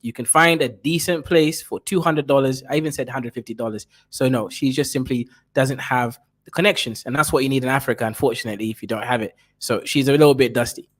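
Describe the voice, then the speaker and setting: A man's voice: mid-range voice, fast talker. A man giving blunt, crude reaction commentary who keeps tagging his points with a question.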